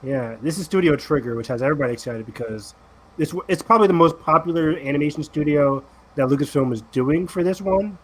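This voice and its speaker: Excitable male podcast co-host. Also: on the high side, fast talker, slightly rough. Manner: enthusiastic, exclaiming. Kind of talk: casual excited chat.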